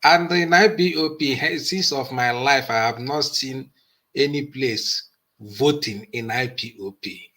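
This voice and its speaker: A man talking as a guest on a talk show, stopping often on hesitant uh sounds between his points. His tone is bright and forceful, at an ordinary pitch. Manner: halting, full of uh pauses. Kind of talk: call-in discussion.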